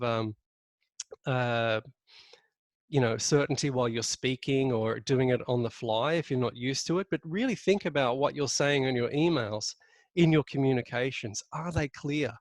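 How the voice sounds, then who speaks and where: A man presenting a leadership webinar in a coaching manner, stressing key words but often pausing with ums and restarts. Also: mid-range voice, no echo.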